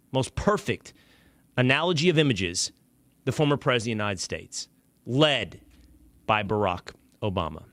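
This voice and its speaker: Animated sarcastic male talk host. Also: on the high side, dry recording. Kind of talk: opinion monologue.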